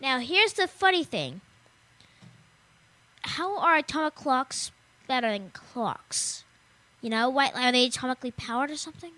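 High bright giggly young woman host. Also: expressive, normal speed, long pauses. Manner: giggly, rambling, jokey, reads then riffs. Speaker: show co-host. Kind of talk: casual tech show chat.

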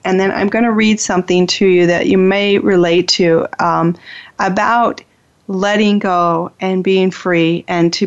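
A woman hosting a session, guiding a meditation and then reading a story aloud in a slow, soothing way with frequent ums. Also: mid-range voice. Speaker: host and meditation guide. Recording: dull lo-fi sound.

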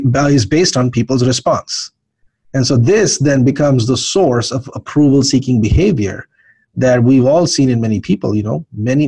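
A man's voice: mid-range voice, darkish tone, breathy edge, no echo. A man giving an explanatory talk, asking rhetorical questions and checking in with his listeners with "okay?".

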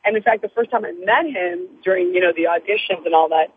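A woman guest with a raspy morning voice, talking in a chatty, effusive way during a phone interview. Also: fairly low pitch, fast talker, slight background noise. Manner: chatty, effusive, laughs often. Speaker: guest, TV news reporter. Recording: tinny phone line, dry.

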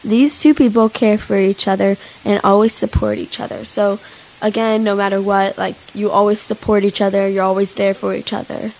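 A woman's voice: medium pitch, little pitch movement, normal speed, gravelly, darkish tone, poor audio. A teenage girl co-hosting a kids' radio show, reading aloud hesitantly with fillers. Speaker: young co-host. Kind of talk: casual chat.

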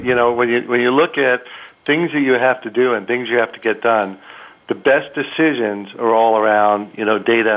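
Male guest, relaxed rambler, mid pitch, tinny phone-line sound. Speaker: panel guest, sales executive. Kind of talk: casual chat.

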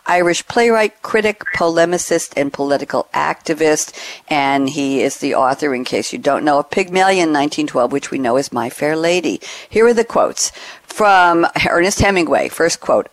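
A woman hosting a talk show, upbeat and lively, introducing guests and reading quotes. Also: deep voice, moderate pace. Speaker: host. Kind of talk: podcast host chat.

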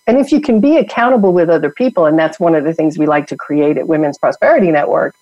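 Motivational podcast guest, woman, emphatic coaching delivery, mellow tone, dead-dry sound. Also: sits low, lively intonation, quick pace, dry recording, low-quality recording. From New York. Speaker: guest, women's network founder.

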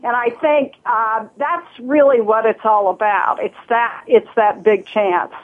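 A woman from Southern Ohio talks earnestly as a guest, breaking off and restarting her sentences with plenty of fillers. Her voice sits a little high and has a husky edge. It comes through a thin, tinny phone line. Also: steady tone, measured pace. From Southern Ohio, USA. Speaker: guest, nonprofit leader. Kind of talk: casual interview talk.

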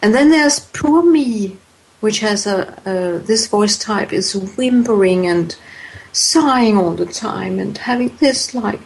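A woman's voice: medium pitch, expressive, takes it slowly, gravelly, rough recording. A woman answering interview questions about voice types, hesitant and thoughtful, with many fillers and restarts. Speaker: voice expert guest.

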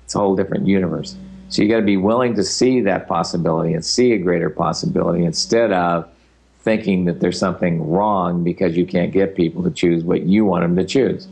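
An older man with a notably deep, low-pitched voice speaks in an easygoing, loose way. He rambles through his answers in a relaxed interview, with a teasing edge now and then. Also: fairly quick, vocal fry, slightly rough. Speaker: guest speaker and facilitator.

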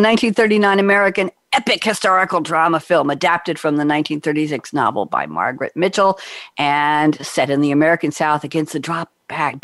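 A middle-aged woman from New York hosts a radio show over a video call. She talks in a chatty way and laughs at her own jokes. The sound is dry, with no room echo. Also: low-pitched.

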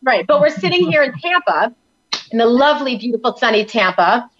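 An upbeat woman from New York pitches her parenting program on a talk show with bright energy. Her voice sits a little high and the sound is slightly dull. She talks fast and keeps selling. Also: very animated. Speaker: parenting coach guest. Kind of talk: enthusiastic talk-show chat. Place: studio in Tampa.

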